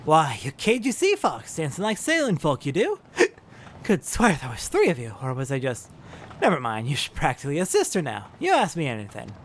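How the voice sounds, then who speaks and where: A man's voice: on the high side, huge pitch swings, a little fast, a little hiss or hum. A man voicing a drunk, rowdy male sailor who rambles in a slurred pirate-style dialect. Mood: drunken rambling.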